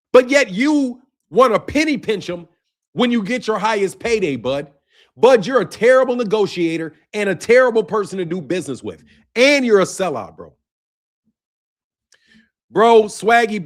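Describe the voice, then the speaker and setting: With a high-pitched, sing-song voice at normal speed, a young man hosting a boxing stream argues heatedly with his chat. His manner is combative and ranting, and he keeps saying "bro."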